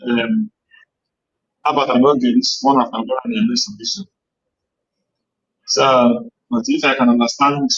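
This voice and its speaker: A man calling in to a live program, hesitant and slowly listing names. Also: mid-range voice, fairly bright tone, slightly rough, no room sound, muffled recording. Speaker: caller. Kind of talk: call-in remarks.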